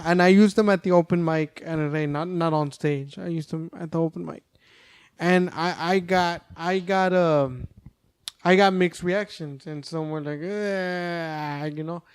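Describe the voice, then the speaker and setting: A man's voice: a little high, steady tone, measured pace, darkish tone, clear, resonant tone. A man, a stand-up comedian, in casual podcast chat, rambling with frequent swearing and stammered restarts.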